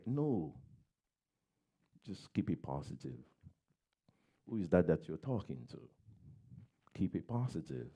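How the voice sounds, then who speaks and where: Low-voiced guy preaching, very dark mellow tone, keeps repeating his points. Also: very animated, measured pace, long pauses, slightly rough. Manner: plain advice with acted-out everyday quotes; repeats key phrases. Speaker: pastor. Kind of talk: sermon.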